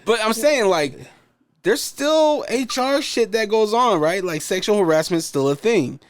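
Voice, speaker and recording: A man's voice: high voice, lively intonation, unhurried, no echo, studio quality. A man on a casual podcast, joking and reacting to his co-host's story. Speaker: podcast guest.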